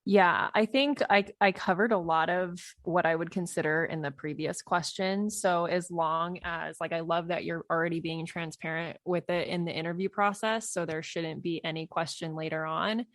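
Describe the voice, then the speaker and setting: Woman podcast host in her thirties, lowish voice, close dry mic, relaxed advisory chat. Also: normal speed, few pauses, no echo. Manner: conversational, laughs often, advisory. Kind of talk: casual Q&A podcast advice.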